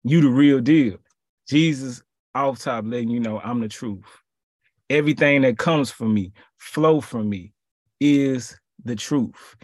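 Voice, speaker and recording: A man giving a casual sermon in relaxed slang, repeating his phrases for emphasis. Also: mid-range voice, measured pace, dry recording, studio quality. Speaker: preacher.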